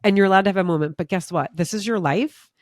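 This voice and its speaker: Animated woman host telling stories. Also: medium pitch, fast, dry recording, clean studio sound. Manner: lively storyteller acting out quoted voices; swears casually. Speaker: podcast host. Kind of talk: casual conversation.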